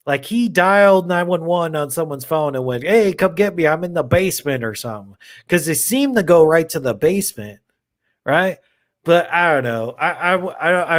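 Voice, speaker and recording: A man hosting a horror movie livestream, chatting casually with viewers in a rambling, excitable way and swearing now and then. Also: a little high. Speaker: horror channel livestream host.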